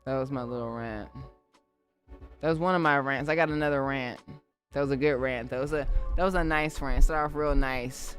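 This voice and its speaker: In a very deep voice at normal speed, this livestream host and beatmaker talks with her audience as she produces music live. Her chat is casual, lively and addressed directly to viewers.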